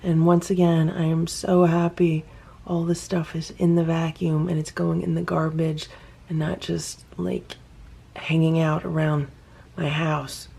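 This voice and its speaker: Woman vlogging her cats at home, mellow, kinda gravelly, chatty, talks to the cats. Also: low-pitched, level tone, unhurried. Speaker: cat rescuer vlogger. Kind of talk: casual home vlog narration.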